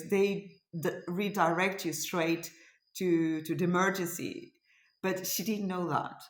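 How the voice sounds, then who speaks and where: A woman's voice: fairly low pitch, echoey room. A middle-aged woman from Portugal with a Portuguese accent, telling a story in a casual vlog, hesitant and searching for words. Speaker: cross stitch vlogger.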